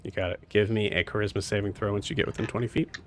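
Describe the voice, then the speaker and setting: A man narrating as game master, casual and halting with lots of fillers. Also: fairly low pitch, steady tone, faint music behind. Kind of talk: running a tabletop game.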